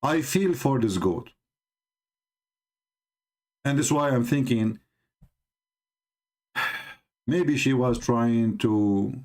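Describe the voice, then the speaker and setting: A native Arabic speaker from the Middle East hosts a religious debate live stream, giving sarcastic live commentary on a video. His voice is lowish and darkish, and he mocks the clip with rhetorical questions in broken English.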